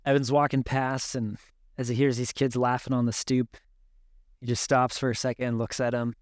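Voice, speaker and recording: A man's voice: mid-range voice, little pitch movement, moderate pace, no room sound. Man, tabletop player, matter-of-fact, dry close sound. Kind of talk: narrating a tabletop game.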